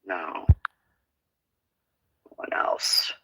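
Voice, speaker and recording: A man on a call, chatting quickly and casually and often trailing off. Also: pushed and bright, in a whisper, low-quality recording. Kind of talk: casual chat.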